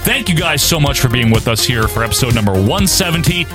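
A man's voice: mid-range voice, animated, quick pace, over music. A man hosting a podcast, talking in an easygoing, joking way and laughing often. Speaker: podcast host. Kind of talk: casual podcast chat.

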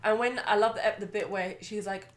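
A woman's voice: medium pitch, steady tone, crowd noise. A woman co-hosting a podcast, chatting casually and rambling as she recounts events. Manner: fast, rambling, breaks off and restarts. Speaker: podcast co-host. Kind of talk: casual chat.

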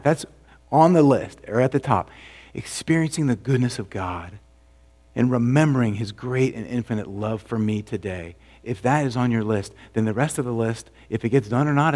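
A male pastor preaches in an easy, conversational way, putting rhetorical questions to the congregation. His voice sits at an average pitch and now and then drops soft and low to press a point home. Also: a little fast. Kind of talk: sermon.

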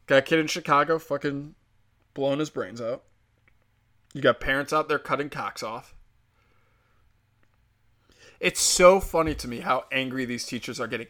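A man's voice: mid-range voice, normal speed, long pauses, pushed and bright. A man hosting a podcast alone, ranting crudely and sarcastically, often mocking other people's voices. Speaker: podcast host. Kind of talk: solo podcast rant.

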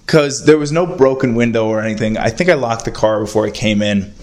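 A young man telling a rambling, self-mocking story in casual monologue, swinging from muttered asides to loud outbursts and swearing freely. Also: mid-range voice, fairly quick.

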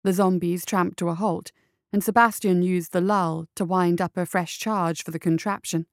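A woman narrating a story as an audiobook, in a measured, even storytelling manner. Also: fairly low pitch, dry recording, studio quality.

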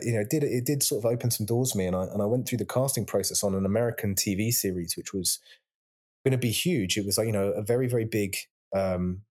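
British male guest, low-pitched, rambling chat with restarts. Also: warm tone. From England. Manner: rambling, many restarts and repeated words. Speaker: guest, actor and writer. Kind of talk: casual interview chat.

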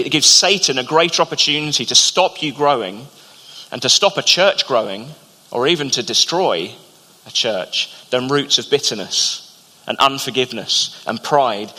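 A man preaching a sermon as pastor, earnest and measured, with slow emphatic pauses. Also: mid-range voice, pushed and bright. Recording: long hall reverb.

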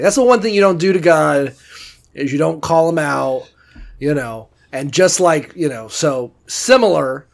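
A man co-hosting a casual podcast, retelling scripture with crude jokes and irreverent asides. His voice is slightly high with a gravelly edge. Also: expressive, normal speed. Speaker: podcast co-host. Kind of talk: casual chat.

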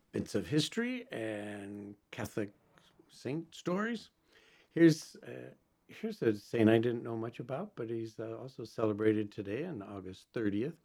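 A man, a priest guest-hosting a Catholic radio talk show, telling saint stories in a halting way with many fillers and restarts. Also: medium pitch, mellow.

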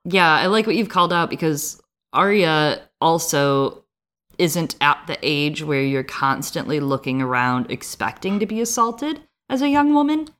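A woman's voice: low-pitched, animated, unhurried, fairly bright tone. A woman co-hosting a book podcast, recapping chapters in casual chat with wry joking asides. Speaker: podcast co-host.

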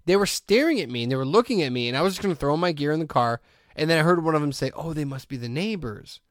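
A man from co-hosting a podcast, telling stories in a casual chat and sinking into low, quiet deadpan asides. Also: very fast, dry recording, clean studio sound. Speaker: podcast co-host.

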